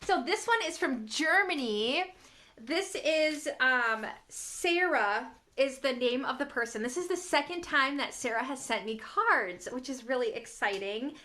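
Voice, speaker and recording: A woman artist hosting a casual live stream from her couch at home, bubbly and excitable, gasping and giggling often, recorded by a camera on a tripod. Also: sits high, a little slow.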